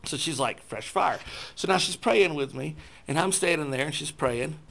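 A man telling a self-deprecating personal testimony to a church group, acting out his own thoughts in lively voices. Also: a little high, normal speed, gravelly. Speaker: speaker sharing a personal testimony.

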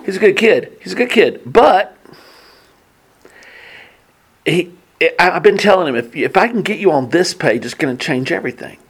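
A man teaching a Bible class in a casual way, telling personal stories earnestly and excitedly, often restarting his sentences. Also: sits high, brisk, slightly rough.

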